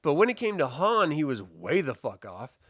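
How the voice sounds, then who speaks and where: A man's voice: fairly high pitch, sing-song, normal speed, fairly bright tone, no room sound, clean studio sound. A man co-hosting a podcast, laid-back and joking, laughing often. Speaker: podcast co-host. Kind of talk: casual chat.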